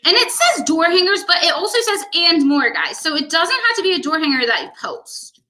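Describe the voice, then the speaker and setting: A woman's voice: extremely high pitch, animated, a little fast, sharp tone. Upbeat chatty woman in an echoey room. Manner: chatty, upbeat, exclaiming to viewers. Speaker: co-host of a painting livestream. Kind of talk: casual livestream chat while painting.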